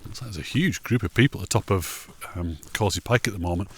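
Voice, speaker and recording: A man's voice: low-pitched, fast, slightly rough. A man, chatting casually and jokingly while walking along a mountain ridge outdoors. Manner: chatty, jokey, rambling asides. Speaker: hiking vlogger.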